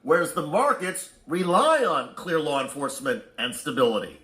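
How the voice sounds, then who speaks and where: A man's voice: on the high side, big pitch swings, moderate pace, sharp tone, echoey room. A man reading scripted news narration in a pointed, editorializing way.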